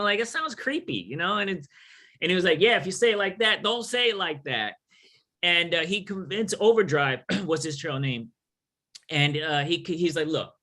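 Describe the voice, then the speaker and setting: A man's voice: a little high, bright, forceful tone. A middle-aged man from New York City telling a story casually in a Q&A, joking and acting out the voices of people he quotes. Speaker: author and thru-hiker guest.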